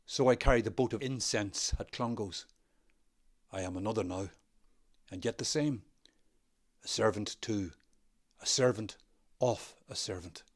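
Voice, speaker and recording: A man with a Northern Irish accent voicing a brooding, melancholy young man who speaks quietly and pensively. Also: on the low side, a little slow, long pauses.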